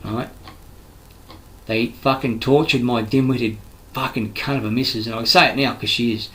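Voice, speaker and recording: Man, Australian accent, mid-pitched voice, profane, rambling, heated monologue. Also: fairly even intonation, normal speed, sharp tone, low-quality recording. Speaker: construction worker giving his views.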